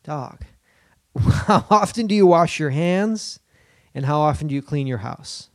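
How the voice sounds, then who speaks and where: Animated, profane male podcast host. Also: a little high, measured pace, no echo, clean studio sound. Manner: animated, profane, riffing with bits and put-on voices. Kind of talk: casual comedic banter.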